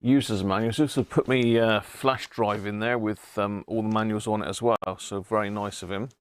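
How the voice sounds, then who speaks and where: A middle-aged man from Britain, a radio restorer, hosts a live stream, greeting viewers by name and chuckling often in easy conversation. His voice is fairly low, with a steady tone and normal speed, and there's a little hiss or hum.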